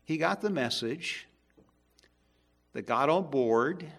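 A male preacher delivering a sermon, emphatic, swinging between loud stresses and hushed asides. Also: on the high side, lively intonation, takes it slowly, creaky, breathy edge.

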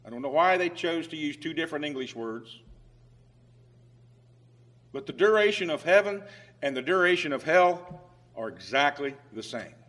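A man preaching a sermon with emphatic swings in loudness who reads scripture aloud in old-fashioned biblical phrasing. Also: a little high, lively intonation, normal speed, long pauses.

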